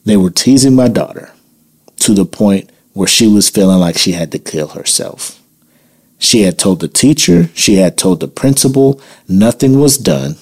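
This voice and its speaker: A podcast host in a heated opinion monologue, blunt and profane. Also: male voice, fairly low pitch, mellow.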